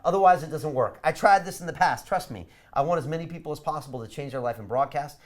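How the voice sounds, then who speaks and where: Man, course host, live webinar pitch, emphatic, persuasive, slightly high voice. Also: fast talker.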